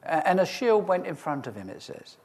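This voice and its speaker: A man preaches through a scripture passage, reading verses aloud and breaking off into humorous asides. His delivery is animated and swooping, pitched a little high. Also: fairly quick. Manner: lively, humorous storytelling with asides. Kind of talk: expository sermon reading scripture.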